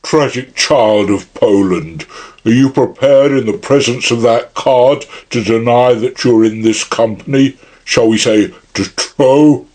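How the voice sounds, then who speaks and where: A man's voice: medium pitch, measured pace, a little mellow, natural voice. A man voicing a huge male anarchist chief who is genial yet menacing, speaking in a grand, mock-friendly way. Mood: grandly menacing.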